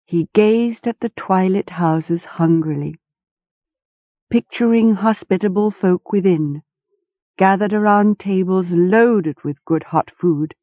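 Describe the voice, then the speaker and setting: A woman narrating a storybook in an unhurried, expressive reading. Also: medium pitch, no echo. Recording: tinny phone-like, dry.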